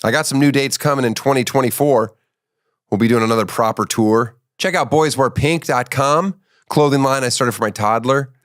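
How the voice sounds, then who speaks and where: Middle-aged male comic host, deadpan and teasing, recorded dry and close. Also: mid-range voice, moderate pace, no echo. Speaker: podcast host. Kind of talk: casual comedic interview.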